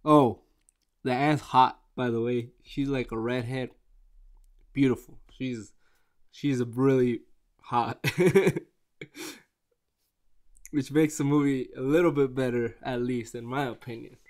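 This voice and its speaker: A man chatting casually on camera in a rambling, excitable way, with many restarts. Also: medium pitch, a little slow. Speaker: vlogger reviewing a movie. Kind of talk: casual chat.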